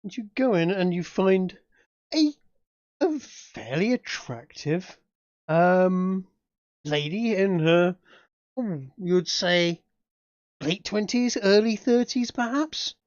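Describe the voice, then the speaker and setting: Hesitant English game master. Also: male voice, high voice, expressive, takes it slowly, long pauses, a little mellow, no echo, dull audio. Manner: hesitant, many fillers and restarts. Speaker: dungeon master. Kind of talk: narrating a tabletop game.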